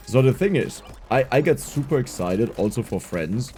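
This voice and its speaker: A man giving casual gameplay commentary, excitable and laughing often, with a strained, scratchy voice. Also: medium pitch, moderate pace, faint music behind. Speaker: gaming YouTuber.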